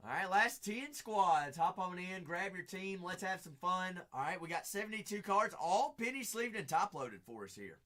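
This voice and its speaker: Bright, upbeat American man hosting. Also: high-pitched, expressive, normal speed, hardly any pauses. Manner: upbeat hype, repeating phrases, chatting with viewers. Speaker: card break host. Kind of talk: live-stream sales patter.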